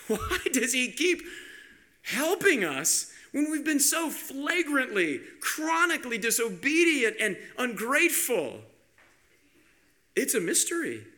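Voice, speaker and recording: A male pastor preaching a sermon in an animated way, asking rhetorical questions and often repeating his words. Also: very high-pitched, slow pace.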